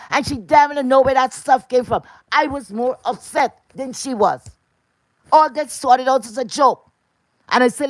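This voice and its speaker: A woman with a lilt tears into someone in a heated, foul-mouthed vlog rant, scolding and confrontational throughout. Her voice sits a little high, and the recording is dry and close with almost no room sound. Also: no room sound. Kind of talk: angry rant to camera.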